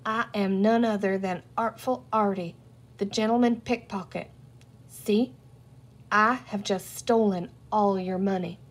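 A woman's voice: mid-range voice, fairly even intonation, measured pace, natural voice. A woman reading a storybook aloud and voicing a sly, theatrical male pirate villain with a mock-courtly, gloating manner. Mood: sly whisper.

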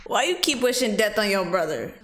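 A woman's voice: mid-range voice, big pitch swings, fairly quick, very noisy. A young woman hosting a movie reaction, chatting casually and exclaiming emotionally.

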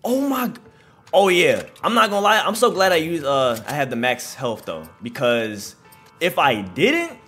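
A man reacting live as he plays through a game, heckling enemies in slangy talk. His voice sits on the higher side and leaps all over in pitch. Faint music plays underneath. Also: moderate pace. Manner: animated, slangy, trash-talks enemies. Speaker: gaming channel host.

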